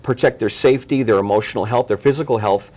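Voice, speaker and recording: A man's voice: medium pitch, fast, darkish tone. A man hosting a parenting talk show, thoughtfully summing up and framing questions for his guest. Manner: thoughtful, frequent restarts and fillers while framing questions. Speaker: host.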